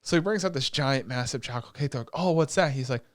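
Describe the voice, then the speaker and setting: A man's voice: medium pitch, quick pace, a bit bright, no room sound, clean studio sound. A man co-hosting a podcast, casually retelling an anime plot with acted quotes and swearing. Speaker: podcast co-host. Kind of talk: casual chat.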